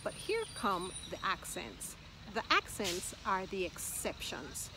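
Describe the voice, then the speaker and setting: A woman teaching a language lesson at an unhurried pace, sounding encouraging and patient. She repeats each word slowly and distinctly so the listener can follow. Noticeable background noise runs under her voice from an outdoor spot. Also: lowish voice, big pitch swings. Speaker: Spanish teacher. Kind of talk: slow, clear language lesson. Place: outdoors in Mexico.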